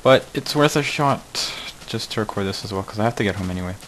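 A man with a lowish voice gives running commentary on his game, jokey and quick to exclaim at setbacks. Faint computer hum and typing sit under his desk-mic voice. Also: expressive, a bit bright, low-quality recording. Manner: jokey, exclaims at mishaps, mutters asides. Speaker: gaming video host. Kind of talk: casual let's-play commentary.

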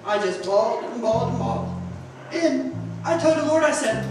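A woman's voice: fairly high pitch, animated, normal speed, music in the background. A middle-aged woman with a Southern Indiana accent giving a folksy church testimony, acting out quotes and laughing often as she tells her story in the sanctuary. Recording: echoey church from far off, noisy.

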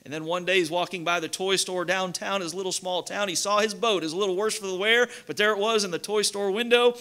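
A man's voice: high voice, fast talker, bright, forceful tone. A man with a Kentucky accent preaching a sermon as pastor, reading scripture and telling folksy stories with acted-out voices.

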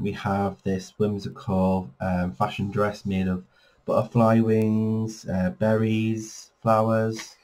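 A man's voice: fairly low pitch, darkish tone. A man giving a casual flip-through review of a colouring book, chatty, with frequent fillers and self-corrections.

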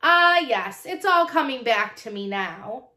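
A woman's voice: on the high side, animated, slow, pushed and bright, exaggerated voice. A woman voicing a huge, aloof male imaginary cat who talks in prim, old-fashioned phrases. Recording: roomy echo.

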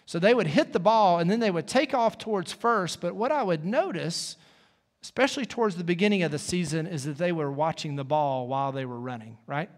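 A man's voice: fairly high pitch, in a large hall. A male pastor preaching a sermon in a conversational way, with folksy asides to the congregation. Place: church sanctuary.

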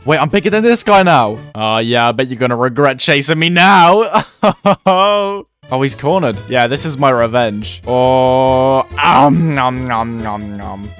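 A young man giving excited, reactive commentary over his own gameplay as a gaming YouTuber. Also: medium pitch. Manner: excitable, yelps and laughs, quick reactions. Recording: faint background music.

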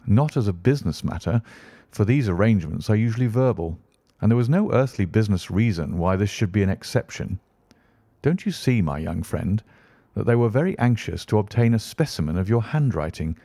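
A man reading an audiobook voices a brisk, impatient male detective who lectures in a crisp manner. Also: lowish voice, expressive, mellow, dry recording, studio quality. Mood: lecturing.

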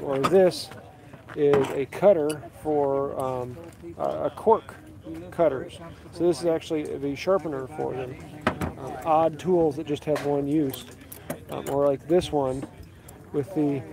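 A man's voice: fairly high pitch, steady tone, measured pace, vocal fry. A man hosting a casual walk-through of tables at an outdoor tool sale, naming tools and prices as he goes. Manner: casual, chatty, lists prices and tools as he walks. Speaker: woodworking channel host. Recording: crowd noise outdoors. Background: crowd chatter.

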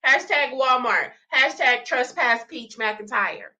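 A woman's voice: on the high side, animated, slow, bright, forceful tone, muffled recording. A woman hosting a reaction channel, ranting in blunt, sassy, profane commentary.

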